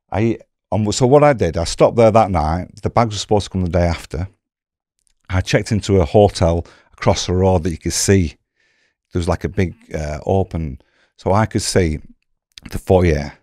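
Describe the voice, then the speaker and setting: A middle-aged Englishman with a low, deep voice spins a casual story, animated and acting out each exchange in different voices. The sound is close and dry, with no room in it. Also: normal speed, pauses often, dry recording. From England. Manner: animated, acts out dialogue in quoted voices. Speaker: podcast guest telling his story.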